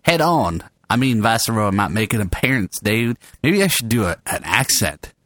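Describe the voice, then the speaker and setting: A man's voice: fairly low pitch, moderate pace, a bit bright, dry recording, clean studio sound. A man hosting a podcast table read, joking and laughing a lot as he talks through retakes. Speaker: podcast host. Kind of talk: casual table read with banter.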